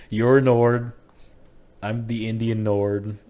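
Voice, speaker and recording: A man's voice: on the low side, fairly even intonation, slow, mellow. A man hosting a casual podcast chat, laughing often and rambling. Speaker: podcast host.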